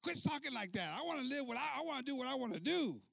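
A man's voice: very high voice, sing-song, takes it slowly, vocal fry, pushed and bright, dry recording, studio quality, pitched above the performer's own voice, full character voice. A man voicing an angry, vengeful male pastor who rants in a strained, near-crying voice. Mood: indignant.

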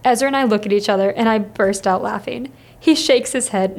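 A woman narrating a novel in first person, steady and expressive, as an audiobook reader. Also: mid-range voice, a little fast, gravelly.

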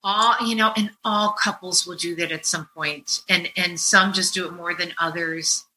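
A middle-aged woman hosting a podcast as a therapist, telling stories in a casual chat and swinging between loud and hushed. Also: fairly low pitch, steady tone, moderate pace, slight background noise, rough recording.

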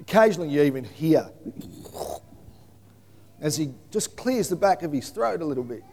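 A man preaching a sermon in an animated storytelling manner that bursts into shouting. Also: a little high, moderate pace, slightly rough. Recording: long hall reverb.

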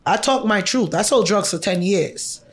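A woman's voice: mid-range voice, normal speed. A middle-aged woman talking bluntly and with profanity as a podcast guest, telling stories about her life in a casual chat. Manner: blunt, profane, animated storyteller.

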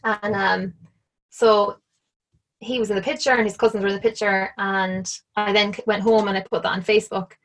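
A woman's voice: medium pitch, steady tone, normal speed. Chatty Irish woman telling a story. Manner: chatty, full of "like", acts out quoted lines. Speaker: interview guest. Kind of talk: casual storytelling.

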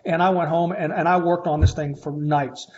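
A man in his fifties, a faculty instructor telling stories in a conversational interview, with animated delivery and frequent restarts. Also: on the high side, moderate pace. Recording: slightly muffled lo-fi recording.

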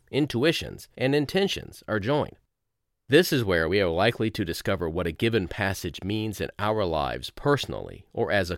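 A man reading a devotional lesson aloud in a slow, reflective way with measured pauses. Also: on the low side, dry recording, studio quality. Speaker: course narrator.

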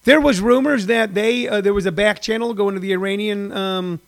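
A man's voice: high voice, moderate pace. A man in his sixties, a comedian hosting a daily livestream, rambling through stories with many fillers and restarts. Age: 60s. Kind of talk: casual rambling monologue.

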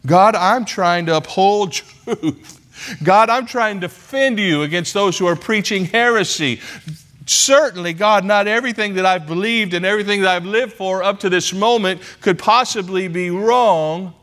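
A proud, zealous man protests to God, his voice climbing high and loud as he insists he has been right all along, as a preacher acts him out. The pleading keeps building in a sermon setting. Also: normal speed. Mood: indignant pleading.

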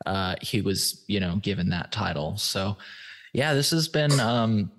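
A man with a fairly low voice hosts a casual podcast interview. He talks loosely and hesitantly, pausing and restarting as he gathers his thoughts. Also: expressive, fairly bright tone. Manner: hesitant, many fillers and restarts. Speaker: podcast host.

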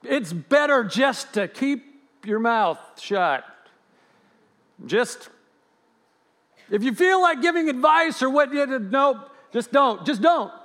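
Brief: male pastor, very high voice, earnest, loud then hushed. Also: animated, slow pace, long pauses. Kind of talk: sermon.

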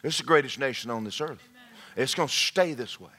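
A man preaching a humorous sermon, shouting his punchlines. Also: medium pitch, brisk, husky. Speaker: pastor. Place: church sanctuary.

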